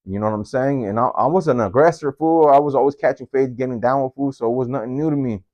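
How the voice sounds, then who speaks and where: A man telling a story from his own life in a casual, slangy, profane way, leaping up in pitch whenever he quotes someone. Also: quick pace, darkish tone, no room sound, highs cut off. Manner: slangy and profane, jumps into high-pitched voices when quoting. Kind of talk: casual first-person storytelling.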